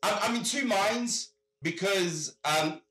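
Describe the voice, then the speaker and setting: A man's voice: high-pitched, takes it slowly, bright, forceful tone, roomy sound, poor audio. A man from Australia with an Australian accent, telling rambling stories in casual chat and often repeating "I gotta tell you.". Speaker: guest. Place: home in Michigan.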